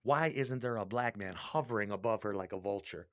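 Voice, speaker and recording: A man's voice: fairly low pitch, a little fast, dry recording. Middle-aged man ranting in a dry voice. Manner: crude, profane, rambling rant. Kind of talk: rambling monologue.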